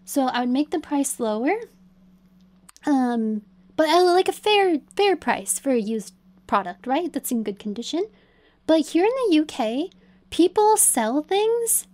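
A young streamer woman with a high, mellow voice chats away in her bedroom. She is excitable and loose, tripping over words and laughing as she goes. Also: unhurried. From United States. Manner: chatty and excitable, restarts and laughs. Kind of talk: casual chat.

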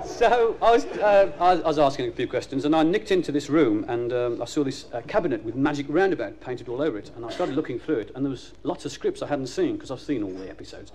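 A man's voice: mid-range voice, animated, quick pace, hardly any pauses, some chatter behind. A man performing live stand-up comedy, rambling and hesitant with many fillers. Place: theatre stage before an audience. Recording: noisy live recording with loud audience laughter.

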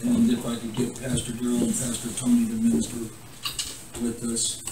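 A man's voice: mid-range voice, monotone, normal speed. A man, the church pastor, directing the congregation and preaching about the last days. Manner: calls out amens, then directs the congregation. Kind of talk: sermon response and altar call. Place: church sanctuary. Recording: echoey hall from far off, noisy.

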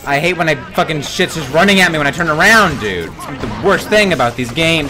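A man streaming a horror game live, talking to his chat, swearing a lot and yelping and shouting at every scare. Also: fairly high pitch, animated, a little fast, few pauses. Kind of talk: live gameplay commentary.

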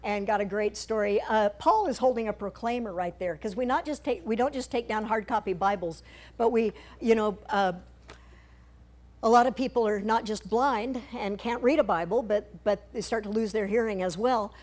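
In a church sanctuary, a woman with a mid-range, darkish voice talks at a moderate pace to the congregation about a mission trip. She walks through her slides conversationally, with humor and playful asides.

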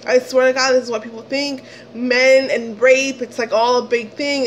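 A young woman vlogger telling a story, animated and indignant, swearing often and acting out the dialogue in a shrill, pleading voice. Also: measured pace, few pauses, a little hiss or hum, low-quality recording. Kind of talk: story time retelling.

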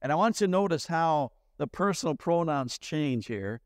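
A man's voice: fairly high pitch, lively intonation, normal speed, no room sound, clean studio sound. A middle-aged man, a pastor, preaching a sermon in a church in a plain-spoken way with folksy asides. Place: church sanctuary.

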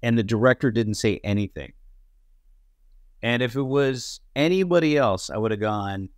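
A man co-hosting a podcast, telling his acting-set stories in an animated way and swearing casually. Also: mid-range voice, normal speed, dry recording, studio quality. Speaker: podcast co-host and actor. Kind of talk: casual storytelling chat.

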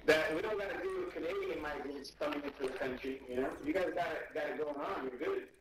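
A man's voice: a little high, quick pace. A man chatting casually with his teammate during a game, with laid-back, crude banter. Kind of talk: casual gameplay chat. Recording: noisy game audio behind.

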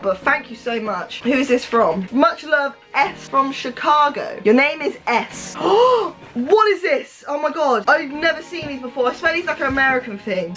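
A young woman, unboxing collectibles in an excited casual vlog while getting over an illness with a cough. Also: fairly high pitch. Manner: gushing, quick bursts of excitement. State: ill with a cough.

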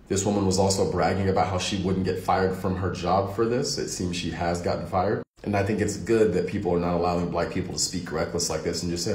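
A man's voice: sits low, fairly even intonation, fast talker, hardly any pauses, darkish tone, echoey room. A man giving reaction commentary in a lecturing, indignant way.

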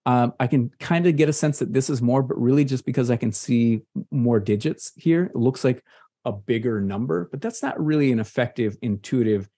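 A man from Michigan with a Midwestern American accent, presenting a casual, playful software tutorial over a video call. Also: medium pitch, normal speed. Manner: playful, nerdy asides, chatty and relaxed. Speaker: presenter at an online meetup. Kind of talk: casual screen-share tutorial. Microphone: computer mic on a video call.

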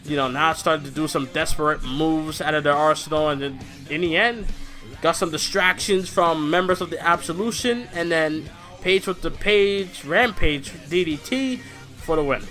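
A man reviewing wrestling shows in a casual, rambling, excitable way, swearing now and then. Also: on the high side, normal speed, soft background music. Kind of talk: casual commentary vlog.

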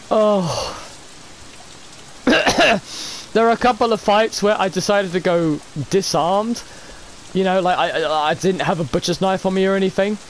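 A man commentating on a video game, swearing and ranting, his voice hoarse from screaming. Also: sits high, a little hiss or hum, rough recording. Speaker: gamer. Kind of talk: gaming commentary.

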